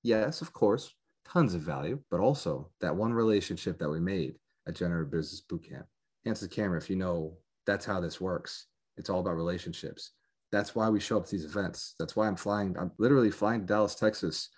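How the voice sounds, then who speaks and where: A business coach gives a live audience an impassioned motivational sales pitch, hammering points home through repetition. He talks fairly quickly in a darkish, slightly rough voice.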